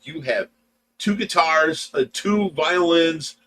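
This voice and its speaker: A man's voice: a little high, takes it slowly, a bit bright, rough recording. Teasing man hosting a fish livestream. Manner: easygoing, teasing, reads chat comments aloud. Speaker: livestream co-host. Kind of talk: casual livestream chat.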